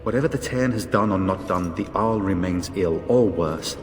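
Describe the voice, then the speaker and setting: Worried polite knight, low voice from a guy actor, game audio with long echo, faint music. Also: moderate pace, lightly acted. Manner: formal, courteous, anxious. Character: worried noble male knight on a quest.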